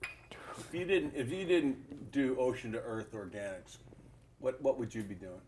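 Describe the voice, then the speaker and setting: A man hosting a casual interview show, chatty and jokey, quick to agree with his guests. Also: medium pitch, darkish tone, a little hiss or hum. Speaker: talk show host.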